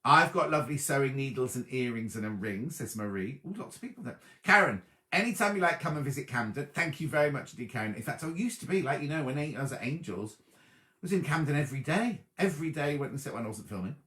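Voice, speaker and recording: A man hosting a sewing show in a chatty, easily distracted way, reading viewer comments out loud from his sofa at home. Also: mid-range voice, expressive, fast talker, echoey room. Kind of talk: casual livestream chat reading viewer comments.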